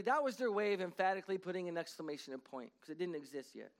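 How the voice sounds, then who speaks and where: A man preaching a sermon as pastor of his church. He drawls the scripture readings with emphasis and drops into quick asides to the congregation. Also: sits high, expressive.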